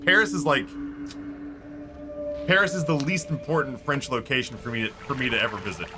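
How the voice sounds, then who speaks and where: While streaming a game on Twitch, a man rambles and curses, using filler words throughout. His medium-pitched voice runs a little fast, with music and clear background noise behind it.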